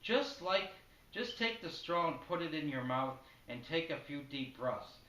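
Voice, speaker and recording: A man's voice: fairly high pitch, expressive, measured pace, sharp tone. A man voicing a foul-mouthed, paranoid middle-aged sitcom father who snaps profane outbursts, heard in an echoey room from a distant mic. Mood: gruff.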